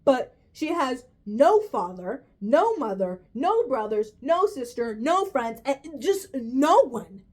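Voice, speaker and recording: A woman's voice: sits high, big pitch swings, takes it slowly, few pauses, a little mellow. A young woman ranting in a casual video commentary, exasperated, swearing freely and calling her viewers "bro". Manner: exasperated, swears a lot, says "bro" often. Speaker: vlogger.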